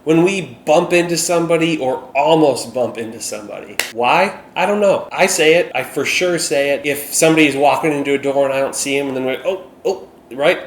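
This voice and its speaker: Minnesotan man, casual vlogger chat, roomy echo, faint background hum. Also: medium pitch. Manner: chatty, self-deprecating, frequent "okay?" asides. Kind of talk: casual talk to camera. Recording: echoey room with faint ambient noise.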